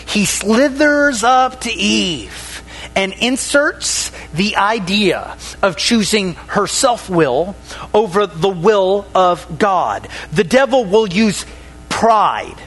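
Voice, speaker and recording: A man preaching a sermon to a congregation, pausing dramatically, dropping his voice on key words and calling for responses. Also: a bit bright. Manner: dramatic pauses, drops voice low on key words.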